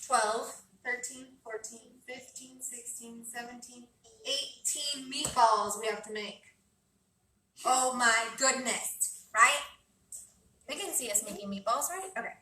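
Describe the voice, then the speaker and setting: A chatty woman with a high voice talks to the camera while she cooks in her home kitchen. She sounds far from the camera and the room echoes. A steady background noise sits under her voice. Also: slow. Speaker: vlogger cooking at home with her kids. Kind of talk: casual cooking vlog chat.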